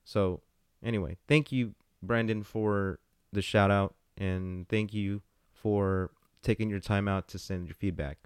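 A man hosting a podcast, giving casual, playful shout-outs and hyping up listeners. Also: on the low side, fairly even intonation, unhurried, clean tone, no echo, studio quality. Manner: hyped, playful, riffs on names. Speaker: podcast host.

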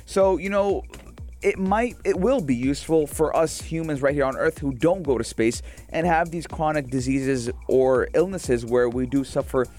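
A man's voice: on the high side, normal speed, faint music behind. A man co-hosting a radio show, chatting casually and jokily with lots of fillers in a studio. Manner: jokey, animated, lots of fillers. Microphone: studio microphone.

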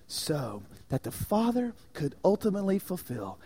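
A man delivering a sermon in a fairly high voice. His pitch swings widely as he moves from hushed, almost whispered moments to loud, forceful climaxes. The delivery is dynamic and emphatic. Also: sing-song, normal speed, husky. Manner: dynamic preaching, dropping to near-whispers and rising to shouts. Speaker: pastor.

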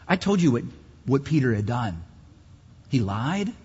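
A man preaching a sermon in an emphatic way, his pitch swinging widely, with long pauses. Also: sing-song, darkish tone, slightly rough. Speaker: pastor. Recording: muffled hall recording.

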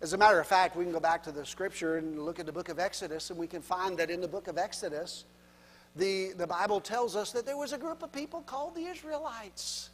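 A pastor preaching a sermon to his congregation in a folksy, self-deprecating way, laughing often and swinging between quiet asides and loud, emphatic lines. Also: sits high, brisk, big-room sound.

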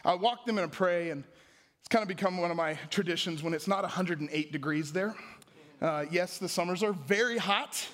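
A man with a high, bright voice preaches a sermon in a church. He jokes often and turns to the crowd with prompts, swinging between playful asides and rising, emphatic lines. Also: brisk.

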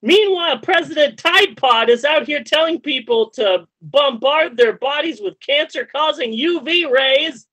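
A man's voice: very high voice, animated, a little slow, few pauses, sharp tone, poor audio. A man in his thirties, a podcast host, ranting in casual chat with lots of swearing and exasperation.

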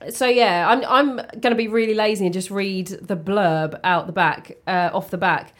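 A woman's voice: medium pitch, fairly even intonation, normal speed. A woman, co-hosting a podcast in a casual, rambling way with frequent ums. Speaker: podcast co-host. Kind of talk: casual chat. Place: warm indoor room.

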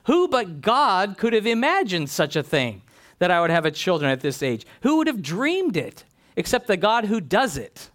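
An elderly mother marveling at her late child, as a preacher puts her on, her voice climbing high in wonder. She exclaims with disbelief in a lively, swooping tone. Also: moderate pace. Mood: amazed. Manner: incredulous, exclamatory.

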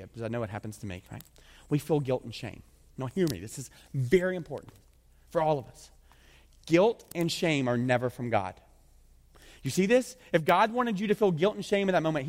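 Man preaching, high voice, conversational and animated, long church reverb. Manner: conversational, animated, often drops to a low intense voice. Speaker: pastor. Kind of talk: sermon.

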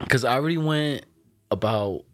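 A young man telling a story in casual chat, animated and slangy, acting out the other people's lines with frequent laughs. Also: mid-range voice, moderate pace, no room sound. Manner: casual slang-heavy talk. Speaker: podcast co-host telling a story.

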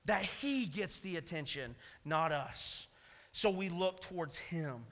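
Bright, high-voiced preaching man. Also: lively intonation, takes it slowly, in a large hall. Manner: emphatic and conversational, repeats key phrases. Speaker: pastor. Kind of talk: sermon. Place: church sanctuary.

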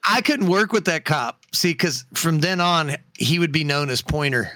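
Bright, animated male podcast host. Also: on the high side, unhurried, no echo. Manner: jokey, laughs often, slips into silly voices. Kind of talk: casual podcast banter.

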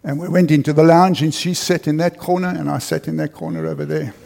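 A man's voice: a little high, fairly even intonation, a little fast, gravelly, darkish tone. A middle-aged man preaching a sermon as pastor, telling a personal story earnestly and repeating key phrases for emphasis. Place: church.

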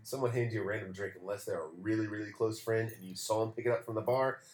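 A man's voice: on the low side, steady tone, darkish tone, roomy sound. A man hosting a podcast, chatting casually and teasing his co-hosts. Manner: teasing, quick to laugh. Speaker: podcast host. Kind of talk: casual chat.

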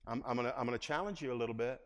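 A man's voice: medium pitch, very fast. Man preaching in a reverberant church. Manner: conversational preaching, shifts between quiet asides and loud emphatic peaks. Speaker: pastor. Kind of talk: sermon. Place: church sanctuary. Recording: long hall reverb.

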